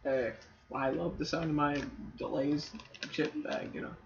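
A man's voice: a little high, steady tone, unhurried, vocal fry, a little hiss or hum. A man co-hosting a let's play, trading crude jokes and teasing banter over the game. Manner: crude, teasing, breaks into silly voices. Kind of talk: casual joking banter over gameplay. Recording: dull lo-fi recording.

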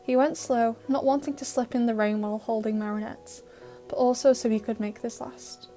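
A woman reads an audio fan-fiction story in a steady, emotive way. Her voice is fairly high, and soft music plays faintly beneath it. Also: moderate pace. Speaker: narrator.

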